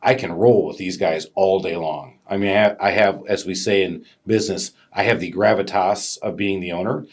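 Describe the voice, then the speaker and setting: A man co-hosting a casual business podcast, an animated storyteller who acts out customers' voices. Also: low voice, moderate pace, few pauses, breathy edge. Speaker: podcast co-host, business owner.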